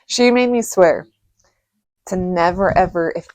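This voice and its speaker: A middle-aged woman from Reno telling rambling stories about her childhood, laughing often and filling pauses. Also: lowish voice, a little mellow, no room sound. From Reno, Nevada. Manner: rambling, chatty, laughs often, many fillers. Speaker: vlogger. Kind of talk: casual storytelling monologue.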